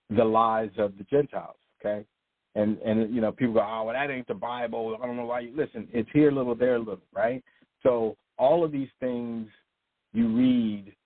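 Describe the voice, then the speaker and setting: A man's voice: fairly low pitch, dry recording. A man giving an emphatic, informal sermon to his online subscribers and reading scripture aloud. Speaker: online teacher of a channel. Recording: phone-like narrow audio.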